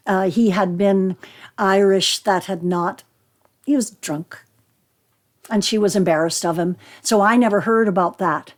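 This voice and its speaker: A woman's voice: medium pitch, a little slow. Older woman, actress guest, casual interview talk, chatty storyteller. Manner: chatty, animated anecdotes.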